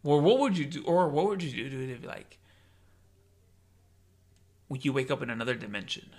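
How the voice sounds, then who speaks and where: Gravelly, husky young guy saying dude. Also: mid-range voice, animated, normal speed. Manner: rambling, says "dude" constantly, acts out scenarios in hushed voices. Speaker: podcast co-host. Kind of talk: casual chat.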